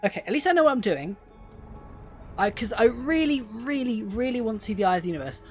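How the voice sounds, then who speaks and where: A woman's voice: on the high side, expressive, fast talker, faint music behind. A young woman streaming a video game live, talking to herself as she plays and swearing freely. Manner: swears freely, talks to herself while playing. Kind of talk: live gameplay commentary.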